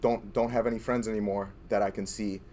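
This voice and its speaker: Hoarse young guy, lowish voice, rambling earnest story, bit of room hum behind. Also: flat delivery, fairly quick, a little mellow. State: hoarse, voice worn from screaming. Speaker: audience member sharing a story. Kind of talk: casual personal story.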